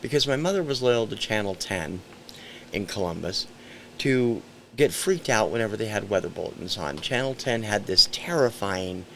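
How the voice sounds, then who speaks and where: Gravelly low-voiced older man reminiscing. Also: lively intonation, normal speed, fairly bright tone, a little hiss or hum. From central Ohio, USA. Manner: rambling and hesitant, frequent ums and self-corrections. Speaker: storyteller recounting a memory. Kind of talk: unscripted first-person storytelling.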